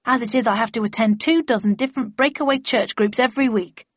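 A woman's voice: fairly high pitch, quick pace, no room sound, lo-fi sound, close to an everyday voice. A woman voicing a dour, grim adult brother who is a minister, in a storybook reading.

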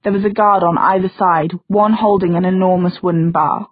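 A woman reading fantasy fiction aloud as an audiobook narrator, in a steady, even storytelling manner. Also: lowish voice, a little fast, dry recording. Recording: dry, phone-like narrow sound.

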